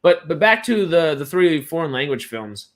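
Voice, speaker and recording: A man's voice: on the high side, very animated, normal speed. A young man from Texas, chatting casually as a film news co-host on a live stream, rambling, stammering and enthusiastic.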